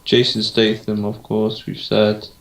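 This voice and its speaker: A man's voice: on the low side, completely flat delivery, measured pace. Rambling young man, roomy sound. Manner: rambling, unsure, thinks aloud with many ums. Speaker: podcast co-host. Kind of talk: casual chat. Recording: roomy home recording.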